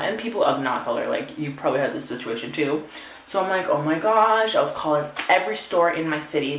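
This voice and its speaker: A woman's voice: low-pitched, a little hiss or hum. A young woman chatting casually while doing her makeup, rambling and acting out her own quotes. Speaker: beauty vlogger. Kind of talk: casual get-ready-with-me chat. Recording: roomy, slightly distant home recording.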